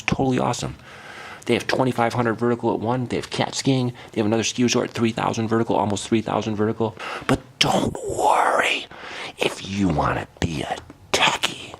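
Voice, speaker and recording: A man's voice: mid-range voice, gravelly, breathy edge. A man doing a sarcastic comedic rant from home, taunting and repeating his jabs with fake apologies. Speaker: comedy vlogger.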